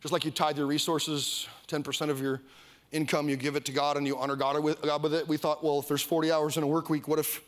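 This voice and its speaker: A man from Iowa preaches a sermon in a fairly high, light voice. He is animated, drops into mocking whiny voices and calls on the crowd to repeat after him. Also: fast talker. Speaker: pastor. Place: church service.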